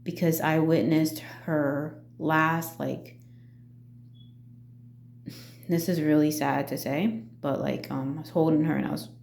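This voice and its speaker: Middle-aged woman, halting casual vlog talk, low mellow voice, echoey room, faint hum. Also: fairly even intonation, creaky. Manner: halting, full of fillers and restarts. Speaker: vlogger.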